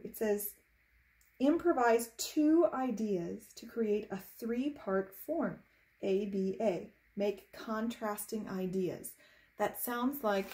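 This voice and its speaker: A woman's voice: on the high side, a little mellow, far from the mic. Encouraging piano teacher, woman, roomy sound. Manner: encouraging, patient, step-by-step instruction with chanted rhythm syllables. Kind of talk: recorded music lesson for students at home. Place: room with a piano. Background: piano playing.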